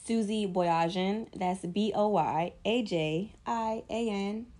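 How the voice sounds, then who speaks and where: A woman's voice: medium pitch, slow pace, mellow. A woman guest on a casual podcast, chatty and laid-back, describing her clothing line with many fillers.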